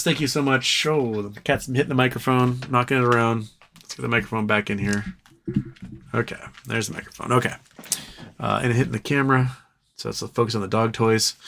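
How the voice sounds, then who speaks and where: This livestream host is a man whose voice sits in the mid range with a fairly bright tone, and there's slight background noise. He reads out viewer comments and riffs on them casually, joking and swearing as he goes.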